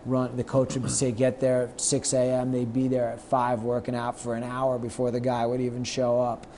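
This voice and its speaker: Middle-aged male guest, mellow voice, animated storyteller who acts out quotes, faint noise behind. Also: medium pitch, moderate pace. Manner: lively anecdotes, acts out quoted lines. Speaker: guest, sports marketer. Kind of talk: storytelling in a podcast interview.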